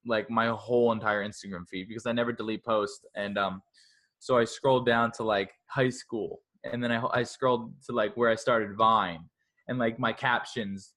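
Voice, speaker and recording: A man's voice: mid-range voice, moderate pace. A young man in his twenties chatting as an interview guest. He rambles with lots of "like," jumping between thoughts with restless energy. Now and then he slips into a scolding inner voice. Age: 20s. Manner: energetic, rambling, heavy use of "like"; self-talk in a scolding inner voice. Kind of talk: casual podcast conversation.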